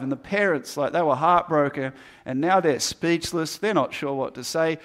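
A man delivers a sermon in a slightly higher-than-usual voice. He speaks earnestly and stacks repeated phrases to build emphasis. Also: moderate pace, fairly bright tone. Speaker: pastor.

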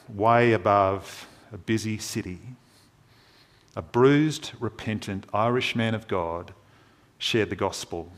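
A man preaching a sermon in an earnest, measured way, with dramatic pauses. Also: fairly low pitch.

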